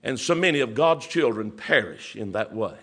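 A man preaching a sermon, stretching his words with many "uh" pauses and building to emphatic bursts. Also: medium pitch, expressive, bright, forceful tone, breathy edge.

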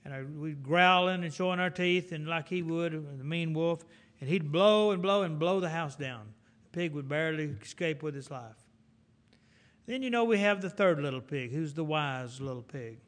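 A middle-aged man preaching a folksy sermon in an animated, storytelling way. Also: fairly high pitch, normal speed.

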